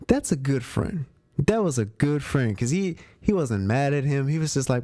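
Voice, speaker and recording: Mellow, slangy man hosting a movie show. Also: medium pitch, lively intonation, moderate pace, dry recording, studio quality. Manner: slangy, repeats phrases, frequent restarts. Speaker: movie review show host. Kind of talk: casual spoiler movie review chat.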